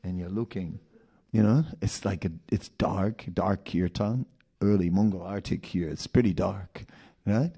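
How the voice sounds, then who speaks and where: A man's voice: low voice, unhurried, gravelly, mellow, breathy edge. A man preaching a sermon in a storytelling manner, with rhetorical questions and asides.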